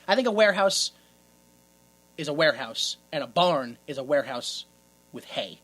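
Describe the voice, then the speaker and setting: A woman with a low, animated voice co-hosts a casual podcast riffing on movies, talking at a normal speed. She voices exaggerated indignation, swears, and laughs often.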